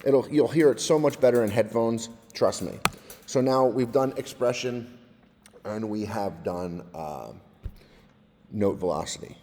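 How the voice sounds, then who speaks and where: A male music technology teacher casually walking through a software drum tutorial step by step, often checking in with "all right?". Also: fairly low pitch, measured pace, big-room sound, a little hiss or hum. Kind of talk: screen-recorded software tutorial.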